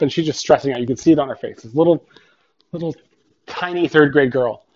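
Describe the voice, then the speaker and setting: A man's voice: mid-range voice, steady tone, quick pace, darkish tone. A man who works as a tutor and teacher, telling a personal story in an earnest, rambling way and often repeating and restarting phrases. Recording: dull, muffled lo-fi sound.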